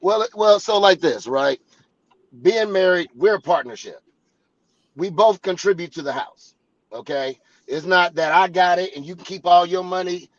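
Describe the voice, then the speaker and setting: Sex: man. Pitch: high. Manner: measured, explaining. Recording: dull, dry, lo-fi. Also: no room sound. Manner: measured, explaining, occasional swearing. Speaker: panel guest. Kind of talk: casual podcast banter.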